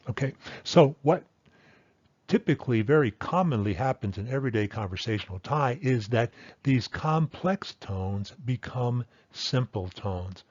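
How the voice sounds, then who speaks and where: A man with a fairly low voice gives a patient, step-by-step language lesson. He repeats each example word slowly, sounding it out more than once. The recording is dry and a little dull and lo-fi. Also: darkish tone, no room sound. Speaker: Thai language teacher. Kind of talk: explanatory lesson.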